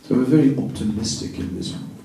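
Answering a question during a devotional talk, this male spiritual teacher speaks very fast in a mellow, medium-pitched voice. He sounds earnest and reassuring and repeats words to drive points home. It was recorded from afar in an echoey room with a little noise.

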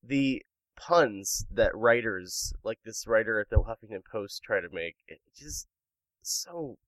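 A man's voice: on the low side, animated, a little slow, fairly bright tone, dry recording, poor audio. A man hosting a comedy podcast in casual chat, reading out news stories and making puns. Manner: jokey, punning, reads out news stories. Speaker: podcast host.

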